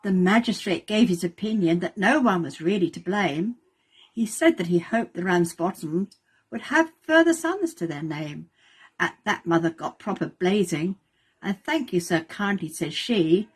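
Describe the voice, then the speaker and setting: A woman with a husky voice reciting a comic verse monologue, animated for the quoted speech. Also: lowish voice, moderate pace.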